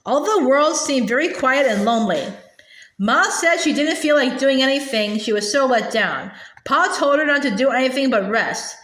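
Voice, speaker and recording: A woman with a high voice reads a children's book aloud, gently and with small restarts. The room has a clear echo. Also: lively intonation. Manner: gentle, slightly halting reading with small restarts. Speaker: storybook reader. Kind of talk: reading a children's novel aloud.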